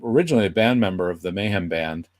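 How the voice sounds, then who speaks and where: A man's voice: low voice, quick pace. A man, a guest puppeteer, telling a casual anecdote and acting out the people he quotes. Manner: animated, acts out quoted voices.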